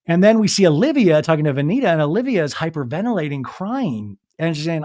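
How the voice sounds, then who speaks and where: A young man hosting a podcast, recapping reality TV in casual chat, animated and quick to quote people. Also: fairly high pitch.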